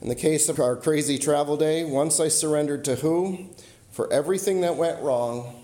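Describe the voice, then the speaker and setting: A man preaching a sermon as a pastor, telling a personal story and slowing and softening his voice on key lines. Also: a little high. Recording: roomy echo.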